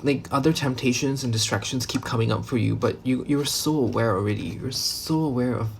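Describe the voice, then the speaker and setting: A man's voice: medium pitch, brisk, creaky, noisy background. A man giving a casual tarot reading, rambling loosely with many fillers and restarts and the odd swear word. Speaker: tarot reader.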